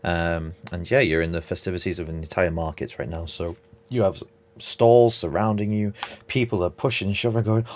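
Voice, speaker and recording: A man with a lowish voice narrates a tabletop game as game master. He talks in a relaxed, reassuring way, filling pauses with ums. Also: a little hiss or hum.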